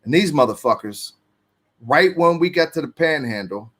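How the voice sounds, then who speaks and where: A man's voice: a little high, expressive, normal speed, fairly bright tone. A man telling his own story in casual street slang, swearing freely and acting out what people said. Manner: street slang, profane, acts out quotes.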